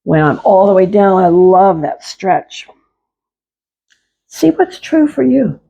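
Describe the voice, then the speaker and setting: Woman yoga instructor, warm mellow tone, unhurried calm cueing, slightly dull recording. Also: medium pitch, gravelly. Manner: slow, calm, repetitive cueing. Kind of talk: guided exercise class instruction.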